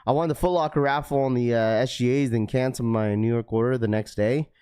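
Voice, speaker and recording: A man's voice: medium pitch, fast talker, a little mellow, clear, resonant tone. A man hosting a casual livestream, greeting viewers by name. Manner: laid-back, many fillers, greets viewers by name. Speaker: livestream host.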